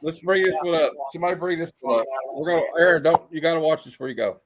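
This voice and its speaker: A man's voice: on the high side, very fast, noisy background. A man hosting a casual community stream chat, joking and laughing as he talks over the others. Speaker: stream host.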